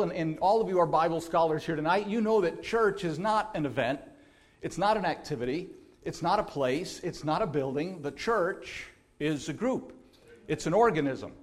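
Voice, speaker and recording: A man delivers a sermon from a church pulpit. His voice sits a little higher than most men's. He talks plainly and earnestly, now and then restarting a phrase. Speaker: guest preacher. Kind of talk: sermon with scripture reading and prayer. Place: church sanctuary.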